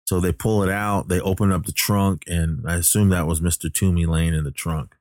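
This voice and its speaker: Deep-voiced man rambling through a recap. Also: fairly even intonation, brisk, a little mellow, dry recording, studio quality. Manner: rambling, full of fillers and self-corrections. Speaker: movie recapper. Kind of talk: casual film recap.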